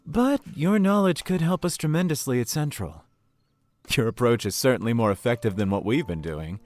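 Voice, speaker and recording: A man voicing a polite, flirtatious male town official in a video game, smooth and persuasive. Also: medium pitch, animated, moderate pace, a little mellow, natural voice. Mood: courteous.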